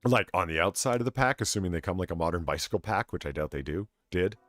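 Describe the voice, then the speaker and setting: Lively American man hosting a podcast. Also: sits low, fast talker, dry recording, faint music behind. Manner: swearing, laughing, reading news aloud. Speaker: podcast host. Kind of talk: casual chat.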